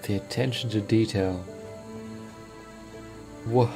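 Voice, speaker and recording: Brief: excitable let's play host, male, slow unhurried commentary, faint music behind. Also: on the low side. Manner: excitable, wide-eyed, swears in awe.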